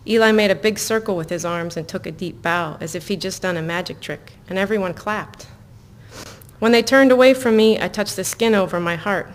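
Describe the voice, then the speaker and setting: A woman author reads her novel aloud in an even, measured way. Between passages she slips into loose, chatty asides full of ums, her voice at a middling pitch. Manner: even, measured reading; casual, filler-laden asides. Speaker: author reading her own book. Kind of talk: live book reading with chatty asides.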